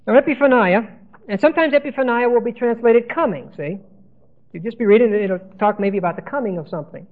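Male Bible teacher, higher voice, repeats and spells terms, tinny old recording. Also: fast. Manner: spells out Greek words letter by letter, repeats key terms. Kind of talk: Bible lesson sermon.

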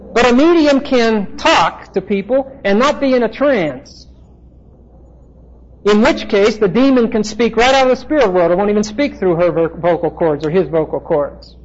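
A man with a high voice gives a Bible lecture, working through terms at the board. He explains patiently and stops often on "uh" fillers. The recording is dull and lo-fi. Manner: explanatory, halting with frequent "uh" fillers. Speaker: Bible teacher.

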